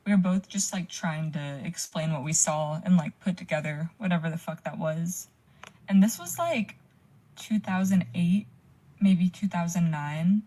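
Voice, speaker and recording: Mellow-voiced young woman, filler-heavy story. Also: fairly low pitch. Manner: frequent "like" fillers, swearing. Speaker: caller sharing a story. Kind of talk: casual storytelling.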